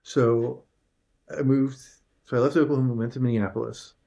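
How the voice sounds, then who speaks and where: Man, gravelly, husky, earnest, emotional storyteller, casual interview guest. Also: mid-range voice, fairly even intonation, normal speed, mellow, dull audio.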